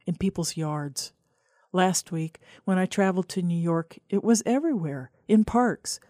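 A middle-aged woman reading her own nature essay in a calm, reflective storytelling manner. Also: on the low side, dry recording, clean studio sound. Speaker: radio essayist. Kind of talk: scripted narration.

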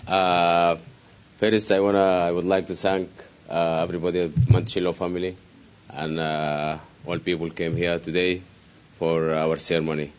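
A man from Sudan giving a halting short speech as a new citizen, with many hesitations. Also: low-pitched, flat delivery, clear, resonant tone. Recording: dull lo-fi recording.

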